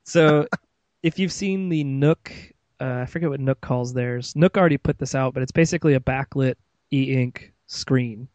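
A man's voice: mid-range voice, moderate pace, a little mellow, no room sound, lo-fi sound. A man hosting a casual tech podcast, chatty and rambling, with many fillers and restarts. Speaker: podcast host.

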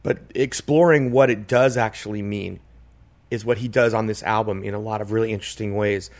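A man's voice: lowish voice, fairly even intonation, fairly quick, darkish tone. A man in casual podcast chat, talking in a reflective, rambling way with many "like" and "you know" fillers. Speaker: podcast co-host.

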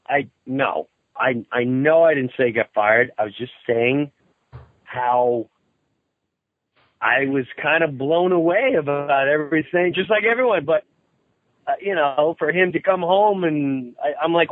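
A man with a slightly high voice tells a story in a casual interview, and his pitch leaps whenever he acts out what others said. The sound is dry and tinny, like a phone line with no room around it. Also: unhurried, no echo. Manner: animated, acts out quotes with sharp jumps in pitch. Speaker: podcast host being interviewed.

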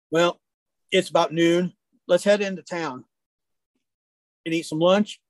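A man who works as a hunting guide, telling folksy, lively stories in a casual chat. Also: on the high side, unhurried, long pauses, dry recording. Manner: animated, folksy storyteller. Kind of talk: casual storytelling.

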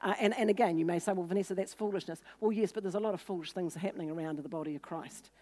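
A woman's voice: racing, warm tone. A woman preaching a sermon, teaching earnestly and acting out scripture scenes with lifted voices for quoted speakers. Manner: voices quoted people with lifted pitch and force.

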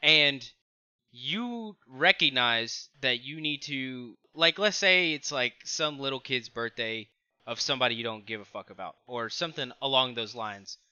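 A man's voice: mid-range voice, animated, unhurried, sharp tone, clear, resonant tone, no echo, highs cut off. A man guesting on a podcast, talking in a rambling, profane way that trails off mid-thought. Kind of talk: casual chat.

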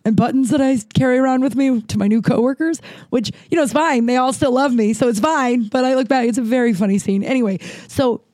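A woman's voice: high-pitched, fast, hardly any pauses, a little mellow, no room sound. A woman comedian telling a candid personal story, speaking frankly and swearing freely.

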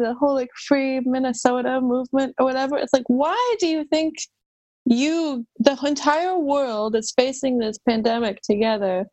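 A woman's voice: high voice, measured pace, no room sound, poor audio. A woman guest on a podcast in casual chat, talking emphatically with incredulous outbursts.

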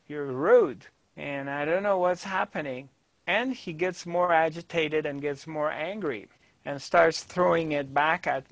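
A man gives a spiritual talk as a calm, unhurried personal story, pausing often and filling gaps with small hesitations. His voice sits a little high and has a gravelly fry running through it. The recording is dry and close, with no room sound. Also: no room sound. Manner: calm, halting, with many fillers. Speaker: spiritual teacher.

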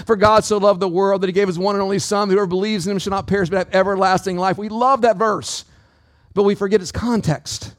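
A man's voice: high-pitched, fairly even intonation, fast, no echo, studio quality. A man preaching a sermon as pastor, calling out to the congregation with a dynamic, swinging delivery. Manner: preaching with call-outs to the congregation.

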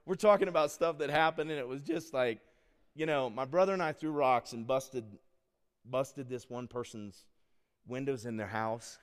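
A man's voice: mid-range voice, moderate pace, smooth. Middle-aged pastor guy telling stories in his sermon, laughs along, church hall echo. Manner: animated storytelling, laughs at his own stories. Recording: long hall reverb.

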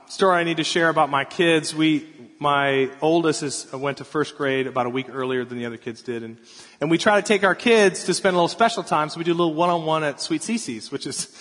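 A man in his thirties preaching a sermon as pastor, telling stories about his kids in an animated way. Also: fairly high pitch. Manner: storytelling, animated, acts out crying kids. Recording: long hall reverb.

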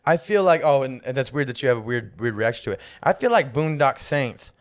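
A man's voice: mid-range voice, lively intonation, fairly quick. Slangy, swearing man on a podcast. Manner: loose slangy talk, swears freely, stumbles over repeated words when making a point. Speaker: podcast co-host. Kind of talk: casual chat.

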